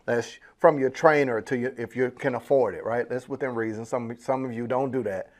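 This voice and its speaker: A man hosting a business podcast in a casual, slangy, animated way, laughing often and acting out little asides. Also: medium pitch, a little fast. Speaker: podcast host. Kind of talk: casual motivational podcast talk.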